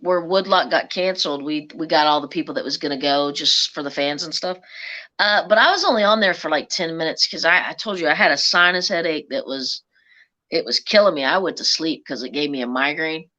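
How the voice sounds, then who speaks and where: A middle-aged woman telling stories in a teasing, animated way and laughing often. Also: low voice, a little fast. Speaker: guest. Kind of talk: casual storytelling chat.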